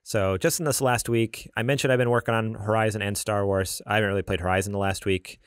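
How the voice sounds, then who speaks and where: A young man rambles through a casual podcast chat, animated and quick to laugh, often restarting his sentences. His voice sits low and deep. The sound is dry and close, with no room around it. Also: smooth, no room sound. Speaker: podcast co-host.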